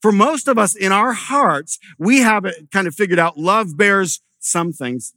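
A man's voice: high voice, lively intonation, a little slow, bright, forceful tone, no room sound, studio quality. A middle-aged male pastor preaching a sermon in a conversational way, telling stories and often restarting his sentences.

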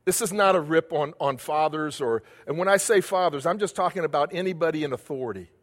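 Male preacher with a high voice, repeating phrases for emphasis, heard in a reverberant church hall. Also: fast. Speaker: pastor. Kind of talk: sermon.

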